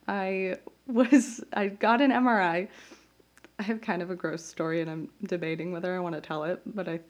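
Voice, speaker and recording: A young woman hosting her own podcast, telling a personal story in a casual, chatty way with frequent laughs and fillers. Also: mid-range voice. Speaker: podcast host.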